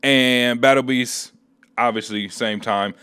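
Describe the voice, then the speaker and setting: A man hosting a casual comic book recap, talking through the story in relaxed, slangy speech. His voice is middle-pitched and dry, right up on the mic. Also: takes it slowly, clean tone, dry recording. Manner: slangy, laid-back storytelling.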